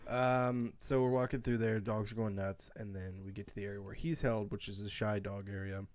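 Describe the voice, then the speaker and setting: Man, podcast co-host, animated storyteller, lowish voice, dry close mic. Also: a little fast, no echo. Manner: animated storyteller, acts out quotes, laughs often. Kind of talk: casual chat.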